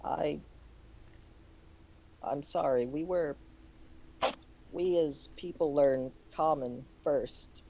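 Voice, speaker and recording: A man's voice: a little high, drawn-out words, creaky, pauses often, dark tone, a little hiss or hum, low-quality recording. A man playing in a tabletop game, coaxing and bargaining, sometimes in broken in-character phrasing.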